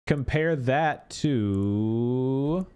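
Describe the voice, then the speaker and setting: A man talking through a game update at an easy, unhurried pace, thinking aloud as he goes. His voice sits at an ordinary middle pitch, and he fills his sentences with loose, chatty asides. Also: animated, a little mellow, smooth. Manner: thinking aloud, chatty, fond of filler words. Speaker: gaming YouTuber. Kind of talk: casual gameplay commentary.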